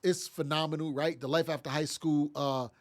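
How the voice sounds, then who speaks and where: A man's voice: a little high, fairly even intonation, normal speed. A middle-aged man, congested from sinus trouble, giving a motivational talk as a parenting podcast host in a casual, emphatic, repetitive way. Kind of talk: motivational monologue.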